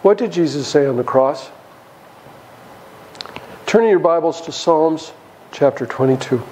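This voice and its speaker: A man's voice: on the high side, lively intonation, unhurried, warm tone, slight background noise, rough recording. A man preaching a Bible study sermon in a church, emphatic and chuckling as he goes.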